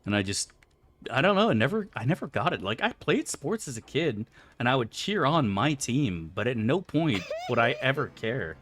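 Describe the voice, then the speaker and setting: This male streamer has a medium pitch with big swings and a fairly bright tone, speaking at a moderate pace over slight background noise. His casual live-stream chat while gaming is loose and rambling, full of swearing, and he responds to chat aloud.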